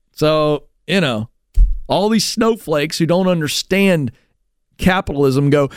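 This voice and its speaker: A fired-up male talk radio host with a high voice that leaps all over the place. He talks in a quick, animated way and slips into mocking impressions of other people. The sound is close and dry, with no room around it. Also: no echo. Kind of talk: energetic talk radio commentary.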